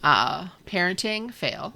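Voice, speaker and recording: A woman chatting casually about a book, retelling scenes and acting out characters in quick voices. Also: lowish voice, gravelly. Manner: animated, acts out characters in quick voices, laughs often. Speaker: podcast co-host discussing a book. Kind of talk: casual chat.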